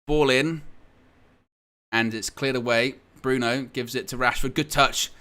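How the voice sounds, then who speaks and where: A man hosting a live football watchalong, calling the play, surging loud at goals and then breaking it down calmly, reading viewers' chat aloud. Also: medium pitch, a little slow. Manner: excitable, surges loud at goals, then calm analysis. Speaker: watchalong host. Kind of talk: live match watchalong commentary.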